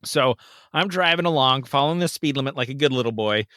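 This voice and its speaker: A man in his thirties co-hosting a podcast, telling a story in casual chat, animated and swearing often, jumping into loud, high voices when he quotes people. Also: quick pace, dry recording, studio quality. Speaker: podcast co-host.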